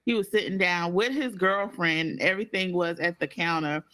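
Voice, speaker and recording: A man's voice: high-pitched, moderate pace, sharp tone. A man co-hosting a podcast in casual chat, telling stories and acting out the people in them. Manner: storytelling, acts out quoted people. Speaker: podcast co-host.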